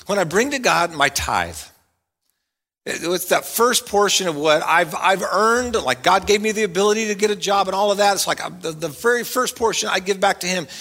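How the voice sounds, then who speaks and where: A middle-aged pastor preaching to his congregation in a high, bright voice. He is animated, moving from loud, playful bursts to quiet, earnest points. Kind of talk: sermon.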